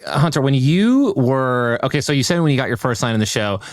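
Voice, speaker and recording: A man hosting a podcast, asking excitable rapid questions in slangy casual chat, full of "bro" and "dude". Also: mid-range voice, no echo, clean studio sound. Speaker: podcast host.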